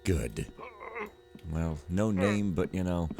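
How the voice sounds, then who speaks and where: A man giving casual, rambling gameplay commentary, joking and often trailing off quietly. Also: sits low, expressive, takes it slowly, soft background music.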